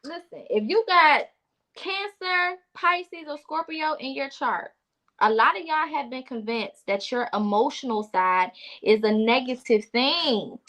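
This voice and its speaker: A woman with a fairly high voice lectures her listeners with emphatic, preachy conviction. She is blunt and unafraid to swear, punching her key points home in a casual spiritual chat. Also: animated, a little slow, a bit bright. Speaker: podcast co-host.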